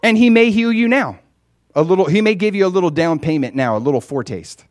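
A man's voice: high voice, lively intonation, quick pace, no room sound. Man preaching in a dry room. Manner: conversational preaching, swinging from quiet to loud and emphatic. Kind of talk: sermon.

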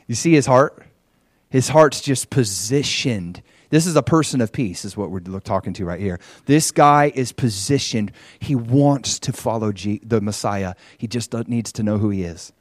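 A middle-aged man preaching a sermon, retelling a scripture story in a conversational way and acting out the quoted voices with lively shifts. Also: on the low side, moderate pace, dry recording. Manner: animated, acts out quoted voices, conversational asides.

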